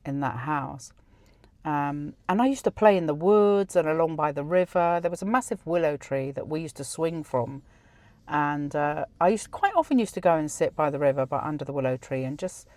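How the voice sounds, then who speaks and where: A middle-aged woman hosts a podcast, chattily telling a personal story and acting out the dialogue with many restarts and quotes. Her voice sits low with a darkish tone, in a dry recording.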